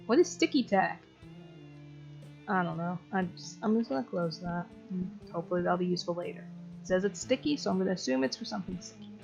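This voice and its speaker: A woman's voice: fairly low pitch, quick pace, gravelly, darkish tone, dull audio, faint music behind. A woman giving casual gameplay commentary with chatty, self-deprecating asides. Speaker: let's play host.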